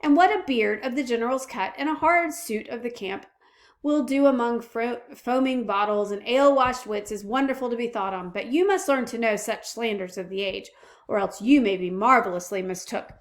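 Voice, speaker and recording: A woman reading aloud as a scornful army captain, listing a soldier's faults in a steady voice. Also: a little high, moderate pace, natural voice.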